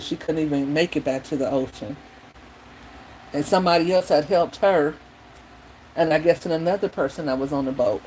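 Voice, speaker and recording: A woman vlogger in a casual chat while doing her hair, retelling things in a rambling, opinionated, animated way. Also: low voice, a little hiss or hum, low-quality recording.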